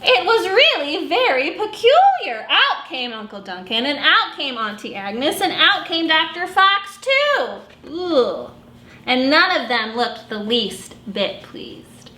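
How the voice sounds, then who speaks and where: A woman children's librarian reading a picture book aloud at storytime in an animated, expressive way. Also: high voice, slow. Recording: echoey room with faint noise.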